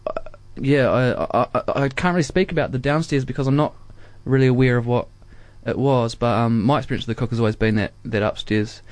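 A man's voice: mid-range voice, no echo. Hesitant New Zealand man, dry sound. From Dunedin, New Zealand. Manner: hesitant, halting, many fillers and restarts. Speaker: musician guest. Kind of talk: casual interview chat.

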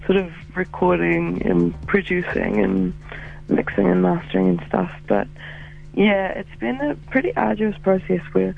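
High gravelly man on a tinny phone line. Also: wildly swooping pitch, a little slow, faint music behind. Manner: chatty, filler-heavy, laughs easily. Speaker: band musician guest. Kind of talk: casual interview chat.

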